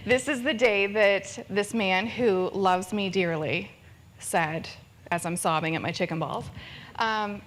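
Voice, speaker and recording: On an event stage before an audience, a woman in her thirties from Ontario, Canada, tells a candid, self-deprecating personal story at a fundraiser, laughing often. She speaks slowly in a mid-range, fairly bright voice, with slight background noise.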